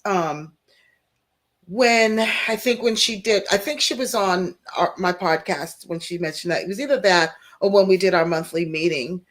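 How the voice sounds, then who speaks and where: A woman's voice: lowish voice, moderate pace. A woman hosting a podcast interview, responding in an affirming way. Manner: affirming, frequent short responses. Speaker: podcast host. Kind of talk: casual interview.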